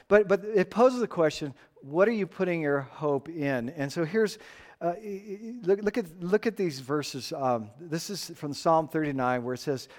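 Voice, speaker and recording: Animated male preacher in a reverberant hall. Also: fairly high pitch. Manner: animated storytelling, rising and falling, repeated restarts. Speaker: pastor. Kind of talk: sermon with personal story.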